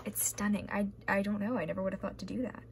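A woman's voice: mid-range voice, fairly even intonation, fast talker, a little hiss or hum. A young woman vlogger gushing over art prints she is unboxing, with gasps, squeals and sudden whispers. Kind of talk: excited unboxing commentary.

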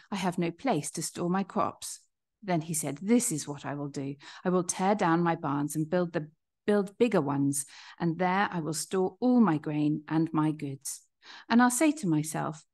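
A man's voice: sits high, expressive, a little slow, darkish tone. A man reading a scripture passage aloud steadily, giving the quoted speakers a little voice. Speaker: scripture reader.

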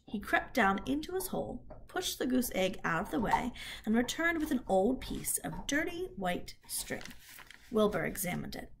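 A woman reading a children's book aloud, expressive storytelling with a few slips. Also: on the high side, normal speed, gravelly, slight background noise. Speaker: reader.

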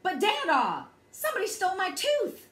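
A woman's voice: fairly high pitch, expressive, natural voice. Woman doing a feisty little farm girl. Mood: excited. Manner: loud, indignant, rushing threats. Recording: echoey room.

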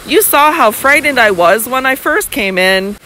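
A woman's voice: a little high, lively intonation, unhurried, sharp tone, slight background noise, low-quality recording. A woman voicing a young lady who argues her case earnestly and coaxes her husband tenderly. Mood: frightened. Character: scheming young lady, frightened yet persuasive.

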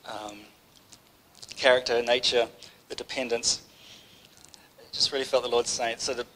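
A preacher delivers an informal, rambling sermon in a conversational manner, restarting many times. His medium-pitched voice is a bit bright, moves little in pitch, and runs a little slow. The audio quality is poor.

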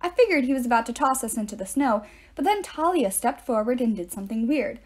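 A woman reading a novel aloud in an expressive way, with deadpan asides. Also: fairly high pitch, fast talker. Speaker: narrator. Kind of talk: audiobook-style reading aloud.

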